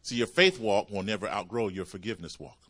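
A man preaching a sermon as pastor, calling out hallelujah and praise the Lord as his pitch swings up and down. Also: quick pace, fairly bright tone. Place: church sanctuary.

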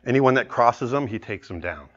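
A man in his forties, a guest speaker pitching an animated story with earnest, animated storytelling. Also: moderate pace. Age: 40s. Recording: muffled lecture recording.

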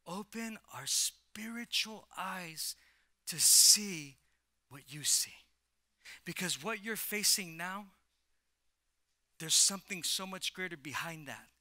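A man preaching a sermon as pastor, conversational at first and rising to loud, emphatic preaching. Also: a little high, dry recording, clean studio sound. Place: church.

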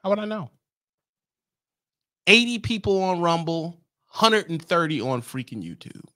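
A man's voice: high-pitched, very animated, a little slow, pushed and bright, dry recording, studio quality. A man, ranting on his livestream in a brash, teasing way and breaking into laughs. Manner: brash, teasing, laughs often, apologizes mockingly. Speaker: livestream host. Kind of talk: casual livestream rant.

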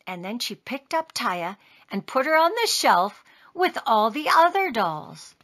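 A woman reading a children's story aloud in an expressive, sing-song way. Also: on the high side, unhurried. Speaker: storybook reader.

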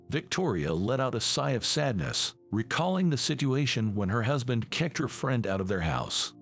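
A man reading a dramatic family story aloud, voicing every character in the same steady narrating voice. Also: mid-range voice, moderate pace, hardly any pauses, faint music behind. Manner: reads all characters in one steady voice.

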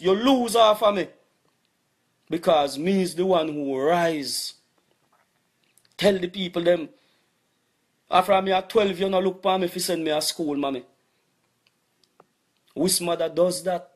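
A man's voice: high voice, measured pace, long pauses. A middle-aged Jamaican man with a thick Patois delivery, ranting passionately to his viewers and repeating his points over and over. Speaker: vlogger. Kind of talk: impassioned rant addressed to viewers.

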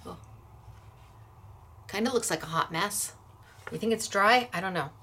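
A woman's voice: mid-range voice, unhurried, a bit bright, husky. Lady chatting through a craft demo, playful and easygoing, talks as she works. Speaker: crafting class host. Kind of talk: casual crafting demonstration.

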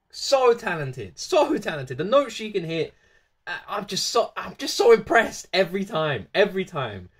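This voice belongs to a video host reacting to a music performance, talking straight to the camera in an easy, unscripted way. The speaker is effusive and says the same phrases over and over, with frequent bursts of laughter. The voice sits in a middle pitch range. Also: very animated, measured pace, breathy edge. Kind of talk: casual reaction vlog talk to camera.

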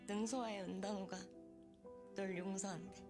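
Drama heroine: an actress as a warm, determined schoolgirl, mid-pitched, soft-spoken. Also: fairly even intonation, very fast, soft background music, lightly acted. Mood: earnest. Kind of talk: TV drama acting.

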